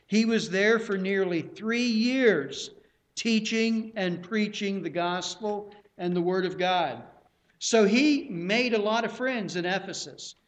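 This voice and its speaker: A man's voice: sits high, slow. A man preaching a sermon in a plain, earnest teaching manner, often repeating himself.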